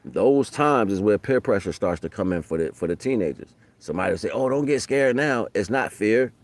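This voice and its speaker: A middle-aged man giving a casual spiritual monologue in street slang, cursing freely and jumping loud when he acts out other people. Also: low voice, animated, a little fast. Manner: street slang, loose and profane, rises loud for quoted voices. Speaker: spiritual talk streamer.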